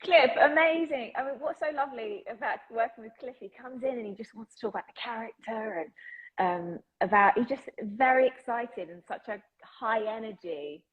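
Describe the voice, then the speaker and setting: An English actress answering interview questions, bubbly and quick to laugh as she talks. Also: fairly high pitch, breathy edge, phone-quality sound. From England. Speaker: actress, guest. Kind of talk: interview conversation.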